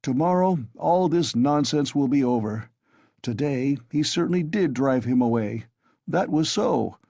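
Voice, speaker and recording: A tipsy young man blusters loudly, his husky voice raised and forceful. A male reader plays him. The recording is dry and close. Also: medium pitch, animated, measured pace, no echo, muffled recording, pitched above the performer's own voice. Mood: blustering.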